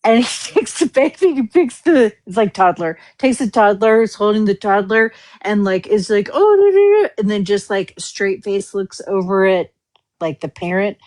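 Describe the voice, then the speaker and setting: A woman's voice: mid-range voice, moderate pace, darkish tone. A woman and mother in casual chat, telling things in a rambling way with lots of "like". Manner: rambling, heavy use of "like".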